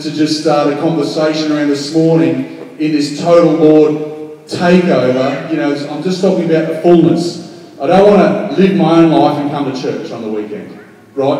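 A male pastor, preaching a lively sermon, acting out voices in his quotes with frequent "um"s. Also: on the high side. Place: large church hall. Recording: echoey church hall from far off.

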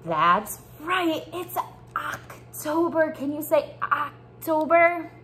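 A woman teaching young children a morning lesson, speaking slowly and encouraging them to repeat after her. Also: a little high, animated, a bit bright, a little hiss or hum. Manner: slow, encouraging call-and-response teaching. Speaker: preschool teacher.

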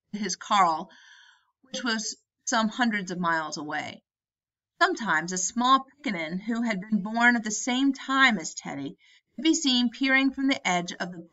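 A woman narrates a story in a measured, expressive reading. Her voice is bright and clear. The recording is dull and lo-fi. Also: medium pitch. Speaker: audiobook narrator. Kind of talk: audiobook reading.

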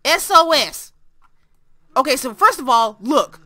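A woman's voice: sits high, expressive, measured pace, pushed and bright, no echo. A young woman hosting a game let's play from her room, chatting to viewers and to the characters on screen. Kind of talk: casual game commentary.

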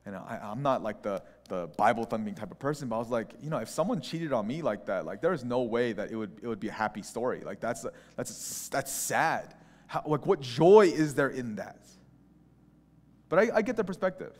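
Opinionated pastor preaching in an echoing hall. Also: male voice, mid-range voice, fairly quick. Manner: opinionated, animated storytelling. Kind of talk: conversational sermon. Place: church sanctuary. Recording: long church hall reverb.

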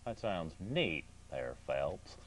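A man voicing a deep-voiced sidekick who talks in a slow drawl. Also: very animated, heavily acted.

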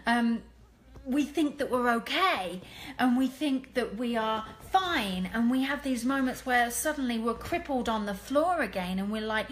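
An English woman speaks straight to her fans in a live stream, earnest and emphatic, with a slightly high voice. She is blunt and candid and lets a mild swear slip out now and then. She sounds close to a phone or webcam mic. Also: lively intonation, measured pace. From England. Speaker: medium and clairvoyant.

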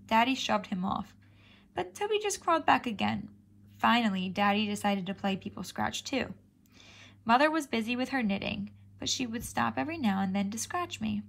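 A woman narrates a children's chapter book in an animated, expressive style. Her voice sits fairly high and carries a gentle gravelly fry. It sounds like a bedtime read-aloud. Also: normal speed. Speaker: storybook reader.

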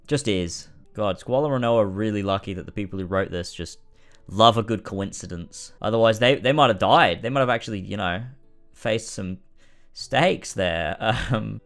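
A man streaming a game, rambling commentary that breaks into shouting rants. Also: lowish voice, moderate pace, faint music behind. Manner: rambling, many restarts, bursts into shouting rants. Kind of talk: casual let's-play commentary.

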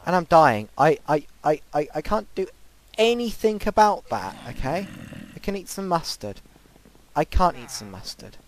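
A man commentating his own game play, breaking into excitable, panicky outbursts and repeated pleading. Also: on the high side, moderate pace. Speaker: gaming channel host. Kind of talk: Minecraft let's play commentary.

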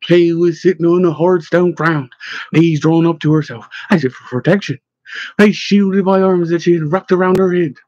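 A man reading a story aloud in measured, expressive narration. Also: a little high, no echo, highs cut off. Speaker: audiobook narrator. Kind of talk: scripted narration.

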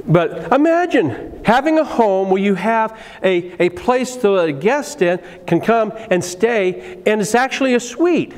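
High-voiced pastor preaching in a reverberant church. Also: male voice, unhurried, few pauses. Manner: animated, conversational storytelling with restarts. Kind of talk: sermon. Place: church sanctuary. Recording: long reverb of a church hall.

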